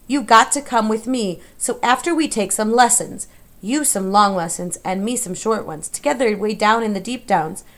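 A woman voicing a dim, rough servant girl in an audiobook, shouting rehearsed lines in broken grammar. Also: mid-range voice, moderate pace, close to an everyday voice. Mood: blurting. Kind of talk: audiobook character voice.

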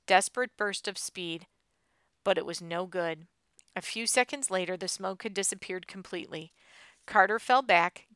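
A woman reads an adventure story aloud with expressive storytelling. Her voice is bright and crisp, close to the mic in a dry studio sound. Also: mid-range voice, dry recording. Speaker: audiobook narrator. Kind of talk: scripted narration.

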